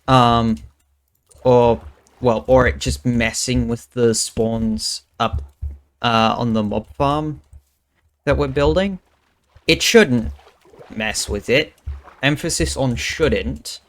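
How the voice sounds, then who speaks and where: A man's voice: medium pitch, fairly even intonation, slow pace. A young man streaming a game, thinking aloud and muttering counts under his breath as he builds. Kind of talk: casual gaming commentary.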